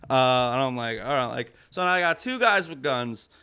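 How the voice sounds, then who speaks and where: A man's voice: medium pitch, sing-song, fairly quick, pushed and bright, clear, resonant tone. A man as a podcast guest, telling a long story casually with lots of swearing and fillers. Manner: rambling, profane, heavy on "I'm like" and fillers.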